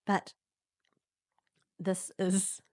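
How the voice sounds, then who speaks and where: A young New Zealand woman hosting a podcast, telling a personal story candidly and acting out quoted lines in sudden high voices. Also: monotone, drawn-out words, darkish tone, no echo, studio quality. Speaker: podcast host.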